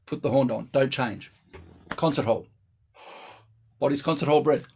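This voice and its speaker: A man's voice: medium pitch, unhurried, vocal fry, darkish tone, a little hiss or hum. A man teaching brass in a live online lesson, chatty and instructive, thinking aloud as he explains.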